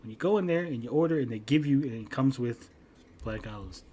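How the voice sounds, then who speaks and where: A man hosting a podcast, telling a long profane story in a casual, animated way and acting out both sides of an argument. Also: medium pitch, a little fast, slightly rough. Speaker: podcast host.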